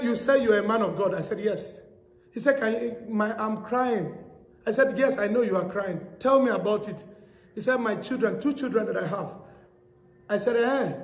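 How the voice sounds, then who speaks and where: A man preaching a sermon, telling stories with acted-out dialogue and rising to shouted exhortation. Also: high-pitched. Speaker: pastor. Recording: echoey hall reverb.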